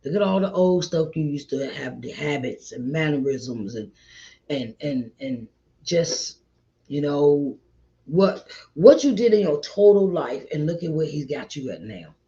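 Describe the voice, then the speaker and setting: A middle-aged woman hosting an inspirational faith talk, repeating her points warmly and calling listeners child and honey. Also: low voice, animated, unhurried. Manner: repetitive, encouraging, calls listeners child and honey. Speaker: host. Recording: slightly dull lo-fi audio.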